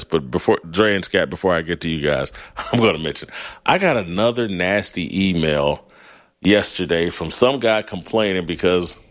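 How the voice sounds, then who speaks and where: Blunt, animated talk show host man. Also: low-pitched. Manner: animated, blunt, laughs often, restarts mid-phrase. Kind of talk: opinionated monologue.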